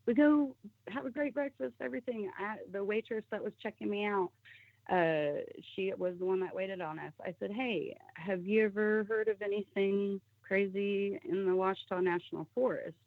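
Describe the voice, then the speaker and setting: A woman's voice: mid-range voice, normal speed, dry recording. A woman telling a personal story in casual talk, acting out the voices of the people in it. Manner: animated, acts out the voices of people in her story. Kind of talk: casual storytelling on a call-in show. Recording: tinny phone line, dry.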